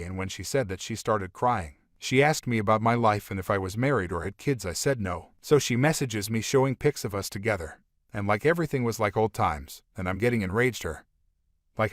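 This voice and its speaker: A man with a fairly low voice reads a first-person relationship story in scripted narration. His delivery stays steady and plain, and he reads quoted lines without putting on other voices. The sound is dry and close, with no room around it. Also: dry recording.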